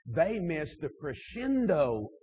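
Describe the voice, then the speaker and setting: A man preaching to church leaders, emphatic, swinging between loud pushes and quieter asides, with frequent restarts. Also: a little high, sing-song, takes it slowly, husky, dull audio. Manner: emphatic, rising and dropping in volume, frequent restarts.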